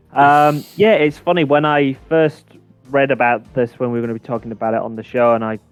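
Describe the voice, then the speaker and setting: A man with a mid-range voice speaks at a moderate pace in a smooth, level tone on a dry recording. He co-hosts a games chat show, rambling casually with fillers and restarts and chuckling as he goes. The sound is dull and lo-fi, with faint music behind him.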